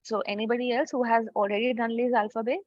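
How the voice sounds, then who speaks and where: A woman teaches French in an online class, explaining things step by step and often checking in with "okay." Her slightly high voice moves quickly with fairly even intonation, captured dry through a video call mic on dull lo-fi call audio.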